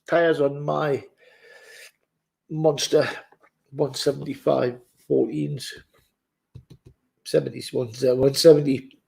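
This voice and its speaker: Gravelly man chatting casually. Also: on the high side, a little mellow, poor audio. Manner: chatty, jokey, muttering asides. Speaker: vlogger. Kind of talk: casual rambling chat to camera. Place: his office, indoors.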